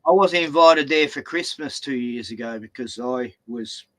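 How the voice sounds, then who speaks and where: A man's voice: medium pitch, moderate pace. A man with an Australian accent chatting casually, rambling and stammering as he tells stories and swears. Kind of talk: casual chat.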